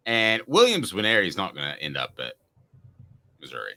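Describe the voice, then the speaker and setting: Deep-voiced, lively sports talk host. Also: male voice, fairly quick. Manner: rambling, joking, self-interrupting.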